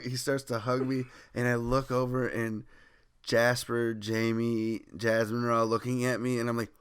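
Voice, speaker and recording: A man's voice: medium pitch, normal speed, a bit bright. A young man co-hosting a podcast, casually telling profane stories, acting out quotes and laughing often. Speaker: podcast co-host. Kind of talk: casual chat.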